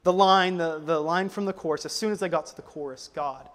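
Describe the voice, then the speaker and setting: A young man preaching a sermon, moving from loud, driving exhortation to quiet, emotional personal storytelling. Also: a little high, a little fast, big-room sound. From United States. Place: church auditorium.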